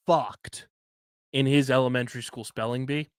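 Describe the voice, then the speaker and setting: A man's voice: mid-range voice, slow pace, no echo, clean studio sound. A man, co-hosting a casual podcast and telling stories with lots of swearing. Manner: animated storytelling, swearing, spells words letter by letter. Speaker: podcast co-host.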